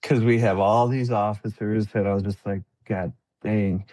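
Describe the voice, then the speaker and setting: A man's voice: moderate pace, a little hiss or hum. A man, a podcast guest and veteran, telling a long war story in casual chat, acting out quotes from others in a raised voice. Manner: animated storyteller, acts out quotes in a higher voice.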